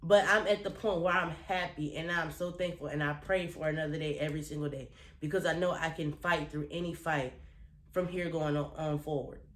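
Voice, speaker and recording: Speaking to her viewers, this vlogger delivers emphatic, profane, deeply felt motivation, repeating phrases for weight while fighting back tears. Her deep voice is steady, brisk and a bit bright, in a roomy-sounding space.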